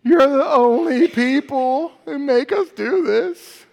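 A man's voice: very high voice, takes it slowly, gravelly, in a large hall, pitched above the performer's own voice, exaggerated voice. A man doing whiny, indignant teenagers. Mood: whining. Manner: whining, indignant. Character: whiny teenage kids complaining to a parent.

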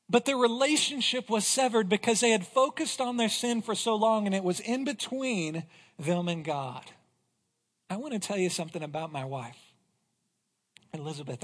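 A man with a fairly high voice preaches a sermon, reading scripture with earnest, rising emphasis. His voice rings out with a long reverb in a church sanctuary. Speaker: pastor.

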